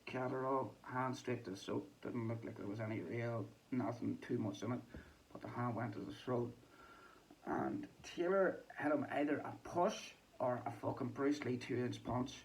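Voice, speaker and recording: A man's voice: medium pitch, moderate pace, slight background noise, low-quality recording. A Northern Irish man giving a casual, sweary and rambling boxing reaction with a mocking tone. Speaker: boxing commentator. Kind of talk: casual chat.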